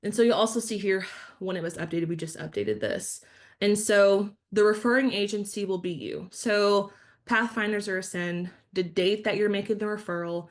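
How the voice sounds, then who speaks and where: A woman leads an online training session over a video call. She walks her audience through each step in a friendly, instructive manner and calls them y'all. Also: mid-range voice.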